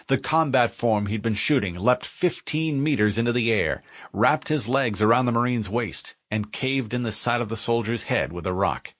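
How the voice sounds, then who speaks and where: A man narrating a military science-fiction audiobook in a vivid, expressive storytelling manner. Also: medium pitch, no echo.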